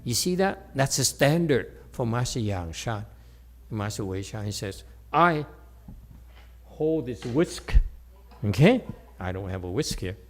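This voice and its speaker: A man's voice: lowish voice, lively intonation, normal speed, a little mellow, a little hiss or hum. A man giving a Buddhist dharma talk to a live audience, playful and joking, often checking in with his listeners. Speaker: Chan meditation teacher. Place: meditation center hall with audience.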